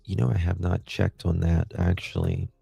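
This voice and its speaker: A man's voice: sits low, big pitch swings, moderate pace, vocal fry, mellow, slightly rough, no echo, faint music behind. A man hosting a casual livestream. He rambles in a chatty way and talks back to viewers' comments. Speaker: livestream host.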